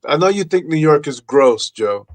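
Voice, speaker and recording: A man's voice: fairly high pitch, lively intonation, normal speed. A man hosting a casual talk show, telling anecdotes loosely, laughing and acting out quotes. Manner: loose, laughing storyteller who acts out quotes. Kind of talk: casual chat.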